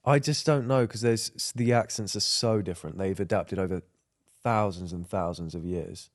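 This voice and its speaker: A man's voice: moderate pace, no echo, studio quality. A man co-hosting a podcast, talking casually and trailing off as his voice drops. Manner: laid-back, trailing off, voice drops low at ends. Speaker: podcast co-host. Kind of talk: casual chat.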